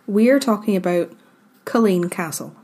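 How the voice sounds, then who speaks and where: Woman, husky voice, mid pitch, casual podcast chat, reads from notes. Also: a little slow, warm tone. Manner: chatty, laughs easily, reading from notes. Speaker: podcast co-host presenting the story.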